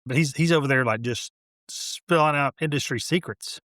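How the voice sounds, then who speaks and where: A man who builds homes, a guest in a casual interview, telling animated stories full of quoted dialogue. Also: a little high, moderate pace, no echo, clean studio sound. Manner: animated storyteller, quoting others.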